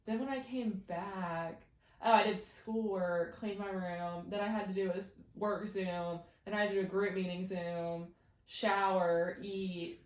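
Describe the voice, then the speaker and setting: A woman's voice: medium pitch, steady tone, unhurried. Young woman cohost rambling thru stories w/ lots of giggles, echoey room sound. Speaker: podcast co-host. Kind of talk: casual chat. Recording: roomy echo.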